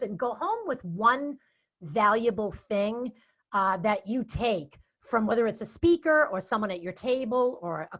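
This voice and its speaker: Boston-accented woman, interview guest, animated chatty delivery. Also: on the high side. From Boston area. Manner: chatty, animated storytelling with quoted asides. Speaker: guest speaker and event moderator. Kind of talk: casual interview chat.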